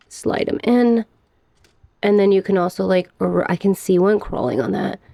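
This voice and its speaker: In a dry recording, a young woman with a lowish, gravelly voice chats casually through a plant care vlog. She's a plant vlogger who sounds slightly out of breath, giggles now and then, and speaks softly to her plants.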